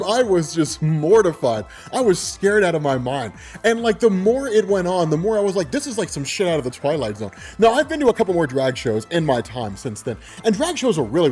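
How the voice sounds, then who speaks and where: Animated storytelling man with a high, lively voice. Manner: animated, laughing, swearing freely. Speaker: vlogger. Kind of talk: casual storytelling.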